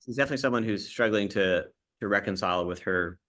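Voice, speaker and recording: A man hosting a livestream interview with cast members, talking haltingly with many fillers and restarts. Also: lowish voice, fairly bright tone.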